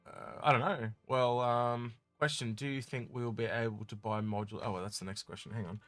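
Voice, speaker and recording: A man co-hosting a casual gaming podcast, reading out viewer questions and musing about them in a relaxed way that often trails off. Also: mid-range voice, brisk, no room sound.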